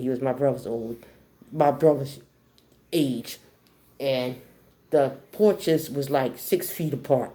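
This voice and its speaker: A woman in her forties from New Jersey telling a personal story in a casual way, acting out the people in it with sudden shrill outbursts. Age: 40s. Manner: animated, acts out voices in shrill outbursts.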